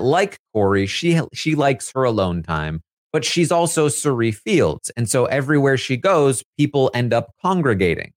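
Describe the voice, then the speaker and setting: A man's voice: mid-range voice, dry recording, studio quality. A man hosting a casual recap of a reality show, chatty and full of fillers, laughing as he talks. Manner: chatty, filler-heavy, laughs while talking. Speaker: live feed recap host.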